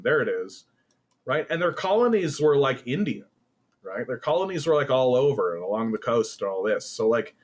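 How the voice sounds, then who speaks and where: A man's voice: medium pitch, husky. A man from Canada hosting casual political commentary, rambling with lots of fillers and breaking into sarcastic jeers.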